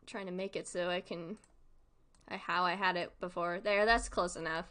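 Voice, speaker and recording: A woman's voice: on the low side, steady tone, moderate pace, a bit bright. A young woman streaming live, chatting casually and rambling, laughing often between thoughts. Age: young adult.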